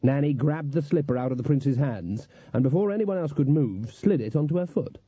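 A male audiobook narrator reading in an even, measured way. His voice is very dark with a husky edge. The recording is dry and somewhat dull, like a lo-fi studio read. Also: on the high side, no room sound. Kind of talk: scripted narration.

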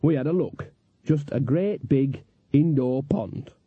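A man's voice: medium pitch, lively intonation, slow pace, husky, no room sound. A man voicing a cheerful, earthy old female witch who talks in a chatty, cheeky way with rustic grammar. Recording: dull, dry lo-fi recording.

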